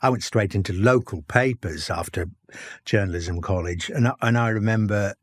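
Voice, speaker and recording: A man's voice: on the low side, moderate pace, no room sound, studio quality. A man hosting an interview who chats in an encouraging way and often stumbles over and repeats his words. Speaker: podcast host, interviewer. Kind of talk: conversational interview.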